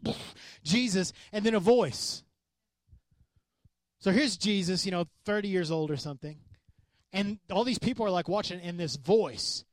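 A man preaching a sermon as a pastor, animated and conversational, acting out quoted voices. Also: high-pitched, no room sound.

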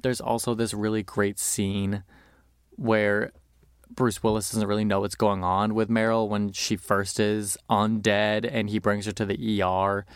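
A man's voice: lowish voice, flat delivery, measured pace, clear, resonant tone, no room sound, studio quality. A man hosting a podcast, chatting casually and animatedly about movies, with lots of fillers, and acting out quotes. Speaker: podcast host.

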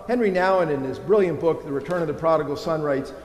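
Animated preacher in an echoey church. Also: male voice, fairly high pitch, fast. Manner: animated, emphatic, rhetorical questions. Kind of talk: sermon.

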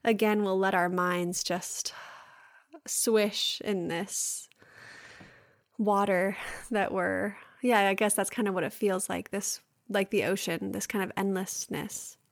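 A woman hosting a podcast who speaks calmly and gently and reads a poem aloud. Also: medium pitch, dry recording, studio quality. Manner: calm, unhurried, gentle. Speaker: podcast host.

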